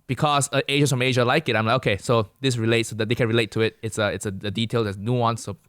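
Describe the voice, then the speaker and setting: A man's voice: medium pitch, steady tone, fast talker, fairly bright tone, clear, resonant tone, no echo, studio quality. A man from Malaysia, a comedian guest on a podcast, telling stories in a matter-of-fact, thoughtful way. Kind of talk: casual podcast chat.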